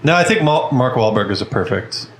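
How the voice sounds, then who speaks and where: A man co-hosts a casual podcast, playfully pushing the conversation to new questions. His pitch moves around a lot as he talks. He sounds echoey, with a faint hum underneath. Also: lively intonation, fairly quick. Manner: steers the topic, playful and emphatic. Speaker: podcast co-host. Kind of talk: casual chat.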